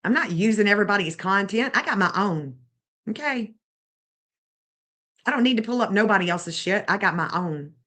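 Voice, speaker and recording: A woman's voice: medium pitch, expressive, moderate pace, pauses often, a bit bright. A woman, bluntly and indignantly scolding as she comments on a livestream. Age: 50s. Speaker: true crime streamer.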